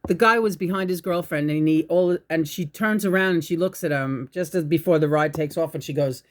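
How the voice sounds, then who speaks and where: A channel host speaking from her home, this woman has a mid-range voice. She relates a spiritual story haltingly and rambles, cursing and frequently starting her sentences over.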